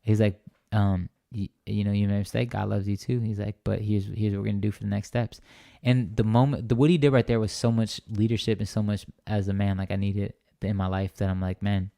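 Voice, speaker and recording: A young man speaks as an interview guest, sharing a personal faith story in an earnest, rambling way, restarting often and tagging on "right?" to check in. His voice sits on the low side with a dark, creaky tone and flat delivery, moving a little fast. The studio-quality recording has no echo.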